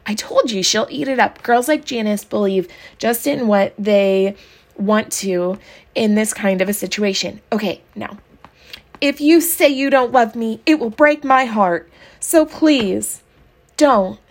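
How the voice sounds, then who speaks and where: A woman reading a storybook aloud and voicing a bold, clever schoolgirl who is eager and quick to take charge. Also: fairly high pitch. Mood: moony, scheming. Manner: eager, excitable, takes charge.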